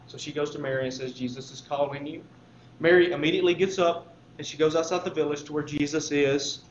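A man's voice: fairly high pitch, fairly even intonation, fast, roomy sound, dull audio, slight background noise. A man preaching a sermon as pastor, talking to the congregation conversationally and building to emphatic points.

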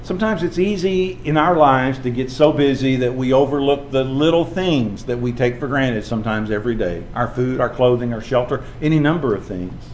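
A man's voice: mid-range voice, moderate pace, hardly any pauses, roomy sound, slight background noise. A male preacher telling stories in a sermon, acting out the people he quotes. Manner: storytelling, animated, acts out quoted voices.

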